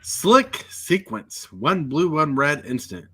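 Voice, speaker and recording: A man's voice: on the high side, very animated, slow pace, bright, forceful tone, breathy edge, no echo, studio quality. Guy cohosting a podcast, plain voice, just reads stuff out straight. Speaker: co-host. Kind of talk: casual podcast chat.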